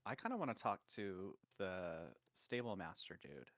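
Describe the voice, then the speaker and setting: Low-voiced, polite man with a bright edge. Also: sing-song, normal speed, highs cut off. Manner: polite, hesitant. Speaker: player. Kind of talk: tabletop role-play chat.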